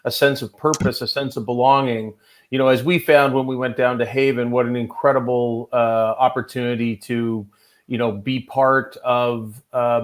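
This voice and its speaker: Guy cohosting a talk show, earnest, says you know a lot, normal pitch. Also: poor audio. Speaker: co-host. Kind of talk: casual live show talk.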